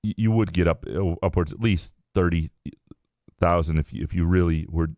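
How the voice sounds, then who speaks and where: A man co-hosting a casual sports podcast, talking things through in a measured, hedging way. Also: low-pitched, a little mellow, dry recording, clean studio sound. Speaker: podcast co-host.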